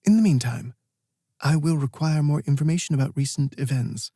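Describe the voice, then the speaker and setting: A man's voice: fairly high pitch, a little fast, warm tone, dry recording, studio quality, close to an everyday voice. A male audiobook narrator voicing a stern, formal female guardian who speaks firmly. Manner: firm and formal. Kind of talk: audiobook character voice.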